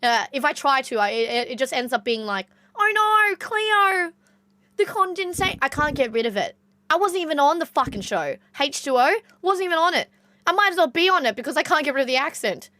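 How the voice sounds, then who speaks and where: A woman's voice: high-pitched, lively intonation, fast talker, sharp tone, dry recording. Chatty Australian woman streamer. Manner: chatty, swears casually, reads chat aloud. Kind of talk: casual live-stream chat with viewers.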